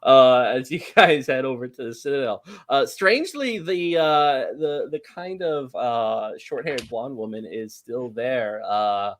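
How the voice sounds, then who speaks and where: A man's voice: medium pitch, animated, unhurried, hardly any pauses, fairly bright tone. A man running a tabletop game as game master, narrating with many fillers and laughs.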